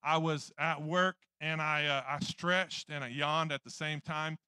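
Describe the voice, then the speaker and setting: A male pastor preaching a sermon, telling a personal story in an animated, jokey way and acting out what people said. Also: a little high, unhurried, clear, resonant tone, no room sound, clean studio sound. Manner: animated, jokey storyteller acting out his own past lines.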